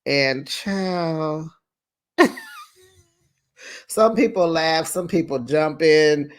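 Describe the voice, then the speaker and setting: A host recapping reality TV episodes in a chatty, sassy way, with drawn-out asides. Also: medium pitch. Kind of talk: casual recap commentary.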